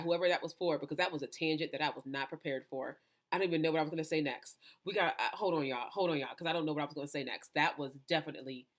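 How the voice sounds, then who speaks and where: A woman's voice: low-pitched, a bit bright. A woman minister talking to camera with impassioned conviction, emphatic and preachy, often restarting her sentences. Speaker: minister and host. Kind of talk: impassioned personal talk to camera.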